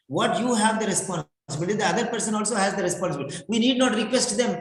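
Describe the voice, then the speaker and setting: A man's voice: sits high, fast talker, hardly any pauses. A man teaching English writing for exams in an emphatic, repetitive lecture full of rhetorical questions. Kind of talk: classroom-style lecture. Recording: echoey room.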